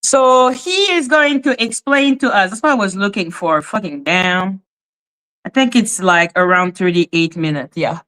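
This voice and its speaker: Bright, sarcastic woman commentator. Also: medium pitch, animated, measured pace. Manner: sarcastic, profane. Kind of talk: casual commentary.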